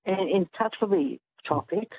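A woman's voice: mid-range voice, lively intonation, normal speed, husky, dry recording. A playful woman caller who laughs readily comes through a dry, tinny phone line. Her voice sits in a middle register.

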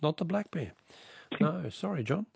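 An Australian man hosting a radio quiz, briskly reading out questions and counting off the ones left. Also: a little high, big pitch swings, vocal fry, husky, dry recording. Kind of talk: radio quiz and caller chat.

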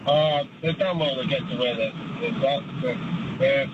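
A man's voice: fairly high pitch, huge pitch swings, normal speed. A man with an Australian accent calling a radio show, easygoing and chatty about sport. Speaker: caller. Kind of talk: casual phone-in chat. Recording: dull phone line with noise.

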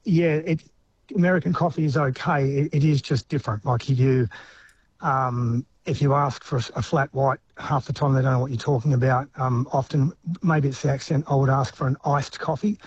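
Aussie bloke calling talk radio, stumbly, lots of restarts, muffled phone line, bit of hiss. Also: male voice, mid-range voice, steady tone, a little fast. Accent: Australian. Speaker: caller. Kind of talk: casual phone chat.

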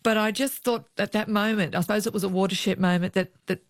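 Casting: woman, ex-cop guest, anecdotal and lively, dry close sound. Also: mid-range voice, quick pace, dry recording. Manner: lively anecdotal, acts out voices in quotes. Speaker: former police officer, guest. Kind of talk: storytelling interview.

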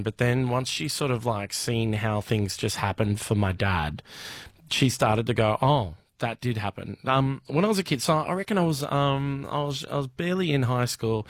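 Australian comedian guy, rambly halting storyteller, dry close sound. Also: mid-range voice, dry recording. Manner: rambling, halting with many restarts. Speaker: comedian guest. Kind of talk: casual anecdote telling.

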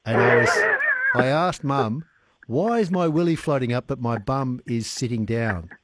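A man's voice: medium pitch, normal speed, very noisy. A man hosting a radio show, chatting casually and laughing easily as he tells stories. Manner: laughs easily, animated storyteller. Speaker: radio host.

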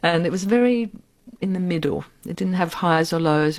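A woman in her sixties, an interview guest telling her life story in a frank, reflective and unhurried way. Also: lowish voice, animated, darkish tone. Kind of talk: candid personal storytelling.

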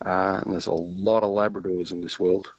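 A man's voice: sits low, moderate pace, slightly rough, no room sound, dull audio. An Australian man out hunting, chatting cheerfully and rambling through a radio interview with lots of ums. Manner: relaxed, rambling, cheerful with many fillers. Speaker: duck hunter on air.

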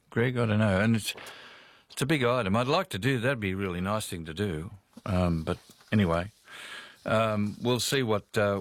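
A man's voice: fairly low pitch, no echo. Chatty Australian radio host man. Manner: chatty, folksy, reads listener messages aloud. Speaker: radio talk show host. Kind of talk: casual talkback radio chat.

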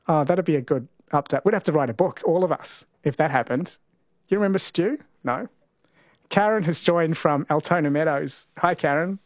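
A man's voice: on the high side, moderate pace, no echo, clean studio sound. Chatty, playful male radio host. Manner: playful, chatty, laughs easily. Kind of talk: talkback radio chat and quiz. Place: radio studio.

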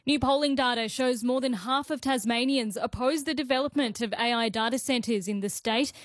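A woman reading a radio news bulletin in a measured, formal way. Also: a little high, no room sound. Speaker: newsreader.

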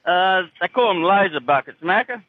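A man's voice: high voice, expressive, normal speed, slightly rough, dry recording. A man with a broad rural Australian accent, calling in to a radio show and chatting in a laconic, dryly humorous way. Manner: laconic, dry humour, says "mate" a lot. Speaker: caller. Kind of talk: casual radio phone-in chat. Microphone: phone. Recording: tinny phone line.

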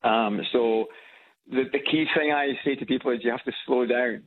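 A man from Scotland with an Edinburgh accent calls into a radio show on speakerphone, his mid-range voice at a moderate pace. The lo-fi phone line has a little hiss or hum, and his casual chat is hesitant, with fillers and repeats.

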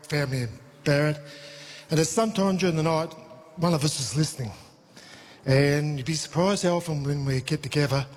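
Emotional Australian man, higher voice. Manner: emotional, listing family. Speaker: listener at event. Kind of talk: heartfelt thanks.

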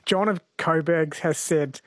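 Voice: medium pitch, measured pace, dry recording. A radio co-host chatting casually with a dry, joking manner. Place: radio studio.

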